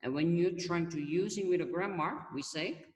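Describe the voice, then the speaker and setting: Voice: mid-range voice, normal speed, a little mellow. A Korean language teacher with a Korean accent, explaining grammar in English to an online class, patient and repetitive, with many "mm-hmm"s. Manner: patient, repeats words and fills with "mm-hmm". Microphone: video call. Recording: echoey room heard from far off.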